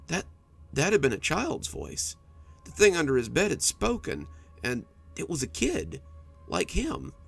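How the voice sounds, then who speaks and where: A man narrating horror stories in an expressive storytelling manner. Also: medium pitch, gravelly.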